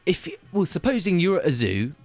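Co-host, man, lively jokey delivery, swears freely. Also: sits high, fairly quick, no echo, faint music behind. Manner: swearing, jokey, slips into silly put-on voices. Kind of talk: casual comedic chat.

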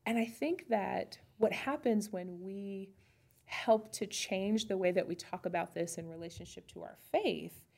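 A woman's voice: medium pitch, unhurried, creaky, darkish tone. A woman pastor co-hosting a podcast, talking through ideas in a thoughtful, searching way and often restarting her sentences. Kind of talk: casual faith chat.

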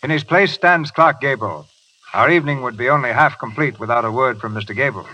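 A man's voice: medium pitch, a little fast, pushed and bright. A man hosting a 1930s radio show, formal with dry quips. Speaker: host. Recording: dull 1930s radio broadcast, audience noise.

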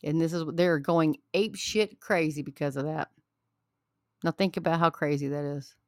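Speaking straight to her viewers, a woman launches into an angry, heated rant, hammering the same points again and again like a preacher. Her voice is low-pitched and darkish, with fairly even intonation and normal speed. The recording is dry and close, with no room sound around it.

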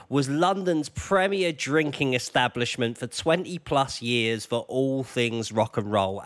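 Slow, measured male podcast host. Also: a little high, a bit bright. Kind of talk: scripted narration.

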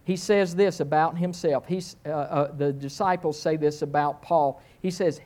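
A man preaching a sermon, telling a funny personal story with animated swings in pitch and some self-mocking humor. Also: moderate pace, hardly any pauses. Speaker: pastor.

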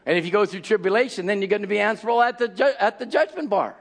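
A man preaching a fiery sermon, calling out to his congregation and often rising into shouted exhortation. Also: high voice, very fast, creaky.

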